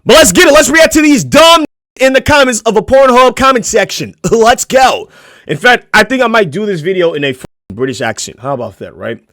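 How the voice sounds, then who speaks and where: A young man streaming a casual reaction video, profane and mocking, swinging into shouts. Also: high-pitched, very animated, a little fast, no room sound, studio quality.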